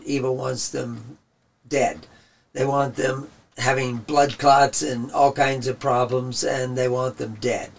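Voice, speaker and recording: A man's voice: mid-range voice, far from the mic. A man giving casual, rambling Bible teaching in a conversational way, his voice wearing thin. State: losing his voice.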